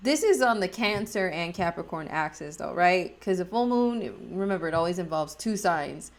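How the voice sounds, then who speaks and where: Laid-back woman astrologer chatting away, kinda low voice, laughs a lot. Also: animated, normal speed. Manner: chatty, slangy, laughs often. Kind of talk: casual astrology talk.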